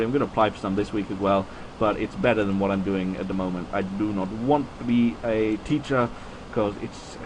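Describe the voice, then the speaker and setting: A man in his twenties giving casual, rambling video game commentary, chatty and self-mocking, with swings in pitch. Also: a little hiss or hum, poor audio.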